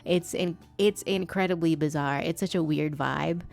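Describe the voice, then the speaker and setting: A woman's voice: deep voice, normal speed, creaky, darkish tone, faint music behind. A woman streamer chatting casually while she draws, swearing freely and now and then putting on a polite customer-service voice.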